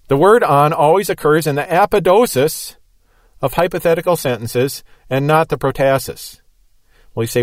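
A man's voice: on the high side, no room sound. A man giving a Bible teaching lecture, explaining step by step in an emphatic, methodical way.

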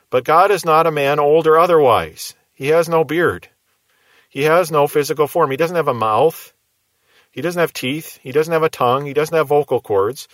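Measured male Bible teacher, dry sound. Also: a little high, dry recording. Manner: measured, explaining, asks rhetorical questions.

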